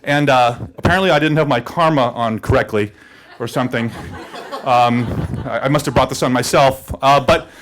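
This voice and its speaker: A man telling a personal story live to an audience, animated, laughing as he talks and leaning on casual fillers. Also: medium pitch, moderate pace, slight background noise.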